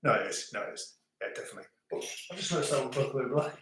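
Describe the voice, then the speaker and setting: Man, middle-aged, relaxed livestream host, laughs often, average pitch, roomy echo. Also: racing, a little hiss or hum. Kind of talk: casual chat reading viewer comments. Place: home in rural France. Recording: echoey room.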